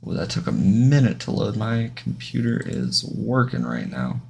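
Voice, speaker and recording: A man's voice: medium pitch, very animated, normal speed, vocal fry, a little mellow, a little hiss or hum. A man streaming a game live, rambling casually to his viewers and often restarting his sentences. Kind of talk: casual live-stream chat while gaming.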